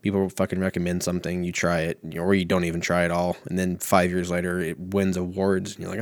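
Man, 30s, low voice, profane rambling podcast host, self-mocking, dry close sound. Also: level tone, fast, hardly any pauses, dry recording. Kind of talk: casual solo podcast rambling. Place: at home.

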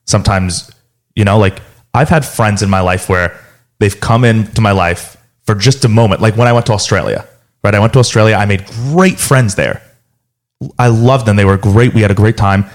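A man's voice: fairly low pitch, moderate pace. A young man chatting casually, reflective and earnest, with lots of likes and restarts. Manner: reflective, earnest, many fillers. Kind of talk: casual chat.

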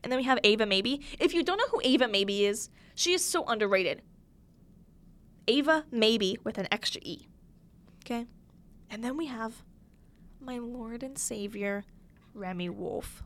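Young woman, solo podcast host. Casual, effusive, slightly high-pitched, shifts between loud excitement and soft asides. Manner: bubbly and gushing, quick mood swings between loud and soft. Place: small studio room with a window.

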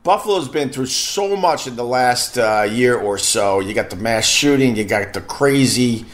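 A man's voice: mid-range voice, lively intonation, normal speed. A middle-aged man from Long Island with a Long Island accent, a radio host telling stories in a rambling, self-deprecating, chatty way. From Long Island, New York. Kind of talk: casual on-air storytelling.

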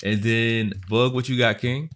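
A man's voice: medium pitch, steady tone, measured pace, a bit bright. A man, moderating a casual podcast chat in a playful, hyped way.

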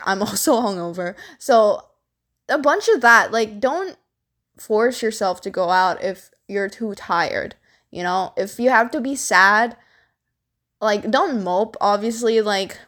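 A woman's voice: medium pitch, fairly bright tone. Frank, swearing young woman vlogger. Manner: frank and blunt, swears freely, many fillers like "like" and "you know". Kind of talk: casual advice talk to camera.

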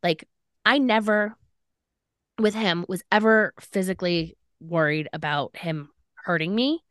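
Unhurried and lowish in pitch, this young woman's voice comes through clean studio sound without echo. As a podcast co-host, she tells a personal tale in a casual, animated way, using "like" constantly and acting out the quotes.

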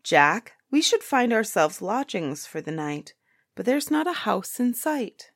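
A woman's voice: medium pitch, very animated, unhurried, dry recording, clean studio sound, pitched above the performer's own voice. A woman voicing an earnest, wary young prince in a storybook reading. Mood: concerned.

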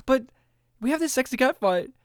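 A woman's voice: high voice, a little fast, no room sound, clean studio sound. A woman co-hosting a podcast, retelling a film in casual chat, laughing often and imitating the characters. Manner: laughing, animated storytelling with imitations. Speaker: podcast co-host. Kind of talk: casual movie review chat.

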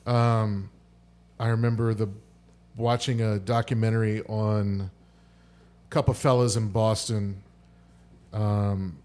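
A man's voice: fairly low pitch, flat delivery, slow, pauses often, a little mellow. A man hosting a podcast, telling history in a rambling, joking casual chat. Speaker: podcast host.

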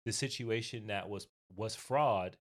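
A man's voice: fairly low pitch, measured pace. A man co-hosting a podcast, giving reflective advice and often checking in with the listener. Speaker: podcast co-host and parent. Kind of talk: casual chat.

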